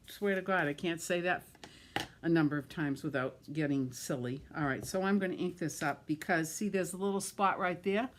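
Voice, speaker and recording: A woman's voice: lowish voice, moderate pace, slight background noise. A middle-aged woman giving a card-making tutorial while she works, chatty and self-deprecating, tripping over words and laughing it off. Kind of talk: craft tutorial, talking while working.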